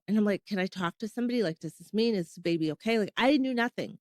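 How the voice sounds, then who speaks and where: A woman's voice: medium pitch, fast talker, few pauses, darkish tone, dry recording. Candid woman telling her own story. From Canada. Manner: candid, emotional retelling with quoted dialogue. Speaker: podcast host sharing her fertility story. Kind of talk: casual personal storytelling.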